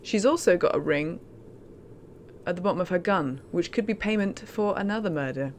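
A woman with a slightly low voice chats through a game on a live stream. She talks casually and pokes fun at herself. Faint noise lingers behind her. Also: expressive, moderate pace. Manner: chatty, self-mocking.

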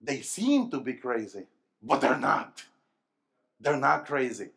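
A man preaching a sermon to young people, asking the congregation questions and calling for answers, moving between low, quiet stretches and loud emphatic bursts. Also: big pitch swings, takes it slowly, gravelly. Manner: call-and-response, asking the crowd questions. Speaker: pastor. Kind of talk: sermon to a youth rally.

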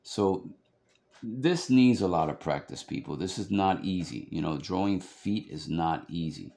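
Gravelly low-voiced man teaching drawing. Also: measured pace, mellow. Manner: rambling, chatty, lots of fillers. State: hiccups. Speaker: drawing instructor. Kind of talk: casual drawing tutorial.

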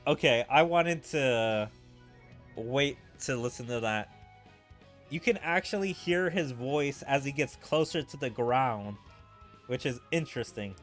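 A man's voice: mid-range voice, lively intonation, unhurried, fairly bright tone, faint music behind. A man giving casual gameplay commentary, musing and thinking aloud to himself as he plays. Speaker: streamer playing a game.

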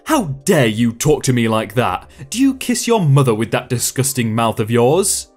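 A woman's voice: very deep voice, big pitch swings, moderate pace, darkish tone, faint music behind, heavily acted. A man voicing an entitled middle-aged woman shopper. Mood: outraged. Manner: demanding, indignant.

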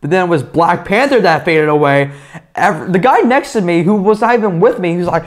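A young man giving a casual, rambling movie review, excitable and swearing, with lots of fillers. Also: high-pitched, a little fast.

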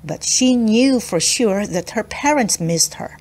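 Slow, expressive woman reading a storybook. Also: medium pitch. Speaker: storybook reader. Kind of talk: children's book read-aloud.

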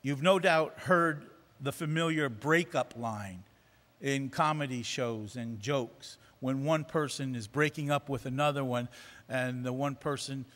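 A man's voice: medium pitch, unhurried, fairly bright tone. A man preaching a sermon, emphatic and repeating phrases for effect. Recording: long reverb of a church hall.

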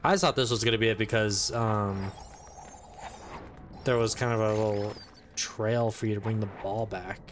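A man giving casual let's play commentary, excitable, talking to the game and saying "dude" a lot. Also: fairly low pitch, moderate pace, pauses often, a little hiss or hum. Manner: excitable, talks to the game and its characters.

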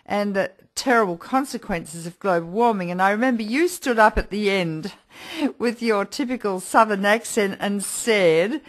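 A woman's voice: medium pitch, animated, normal speed. A woman hosting an interview radio show, giving formal introductions and asking questions. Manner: articulate, formal introductions with occasional restarts. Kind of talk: hosted interview.

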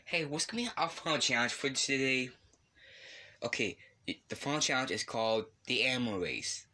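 A man's voice: medium pitch, moderate pace, sharp tone. A young man playfully narrating a block game, voicing its characters and making animal noises. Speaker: video maker voicing toy-like game characters.

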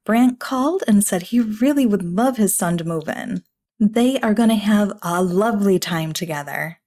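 Laughing a lot and quick to exclaim, this gaming YouTuber chats through a life-sim game and addresses her characters as though they're relatives. Her voice sits on the high side with a darkish tone.

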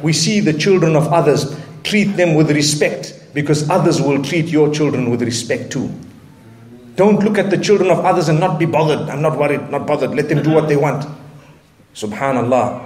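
A man's voice: a little high, a little mellow, reverberant. A man delivering an earnest sermon with Arabic phrases and touches of light humor. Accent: Southern African English. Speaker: preacher.

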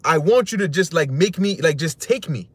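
Guy doing a desperate woman begging, kinda high, dry sound. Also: animated, normal speed, husky, no echo. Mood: pleading. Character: desperate woman pleading to be taken.

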